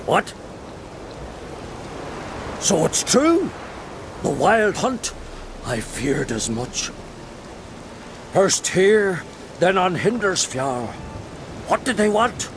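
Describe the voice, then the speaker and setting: A learned old druid, animated up-and-down voice, old-fashioned speech, rain noise. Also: male voice, high voice, drawn-out words, long pauses, heavily acted. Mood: earnest. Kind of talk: video game dialogue. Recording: game audio with loud rain.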